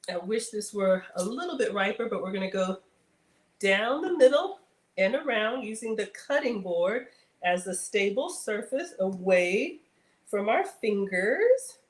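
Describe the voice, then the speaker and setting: A woman's voice: mid-range voice, lively intonation, unhurried, long pauses, roomy sound. A woman hosting a casual cooking livestream, chatting to viewers as she works. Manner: chatty, addresses viewers as y'all; playful outbursts and sing-song bits.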